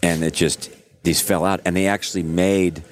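A middle-aged man co-hosting a podcast, chatting casually and telling animated stories full of quoted voices. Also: deep voice, normal speed. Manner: animated storyteller, breaks into quoted voices and song. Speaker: podcast co-host. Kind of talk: casual chat.

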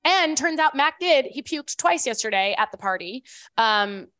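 A woman's voice: sits high, expressive, moderate pace, sharp tone, dry recording. A woman co-hosting a podcast in casual chat, rambling with lots of fillers and restarts. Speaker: podcast co-host.

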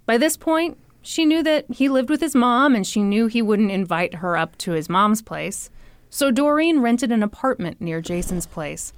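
A young woman narrating a true crime story for her podcast co-host, animated and chatty. Her voice sits fairly high, and the sound is very dry and close, with no room around it. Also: normal speed, smooth, dry recording. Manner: animated storyteller with frequent "like" and "you know". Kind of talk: casual storytelling chat.

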